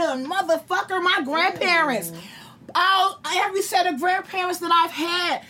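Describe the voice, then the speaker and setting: Brash high-voiced woman telling a story. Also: unhurried. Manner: animated, profane, acts out quotes. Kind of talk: profane storytelling to friends.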